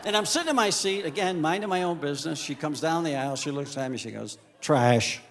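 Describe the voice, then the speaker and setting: Animated man doing stand-up. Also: a little high. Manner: animated storytelling, acts out characters in quick asides. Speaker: stand-up comedian. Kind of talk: stand-up comedy set. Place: comedy stage before a live audience. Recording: live club recording with audience noise.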